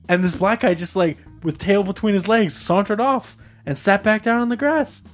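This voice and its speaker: A young man on a casual podcast, telling a story in an animated way and laughing often. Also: normal speed, soft background music. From Canada. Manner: animated storyteller, jumps high for quoted voices, laughs often. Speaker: podcast co-host.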